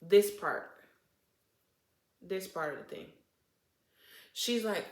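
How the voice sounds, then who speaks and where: A woman telling a storytime vlog in a casual, animated and indignant way, full of restarts and "like". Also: medium pitch, slow, pauses often. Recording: echoey room.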